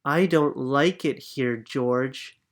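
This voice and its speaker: A reader voicing an anxious young girl in a children's storybook, speaking gently and earnestly in a slightly raised voice. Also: medium pitch, slow, natural voice. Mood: worried. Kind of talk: storybook reading.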